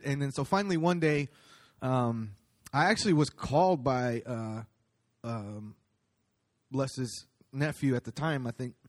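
A man's voice: mid-range voice, a little slow. A man speaking at a church, giving a casual sermon in a conversational, storytelling way with many ums and restarts.

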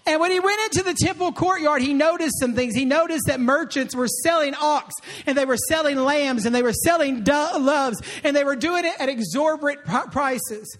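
Animated high-voiced preacher. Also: male voice, normal speed, hardly any pauses. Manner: animated preaching with call-and-response asides. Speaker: pastor. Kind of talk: sermon.

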